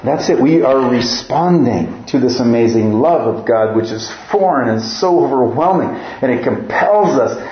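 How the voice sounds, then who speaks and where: A man's voice: medium pitch, animated, normal speed, hardly any pauses, echoey room, lo-fi sound, a little hiss or hum. A man from northern Minnesota with a slight Upper Midwest American accent, preaching a sermon as pastor and reading scripture aloud with earnest emphasis.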